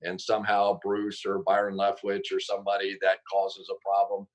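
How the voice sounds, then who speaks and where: A man, a football analyst guest on a sports talk show, telling stories casually and acting out quotes with sudden jumps in pitch. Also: monotone, normal speed, rough recording.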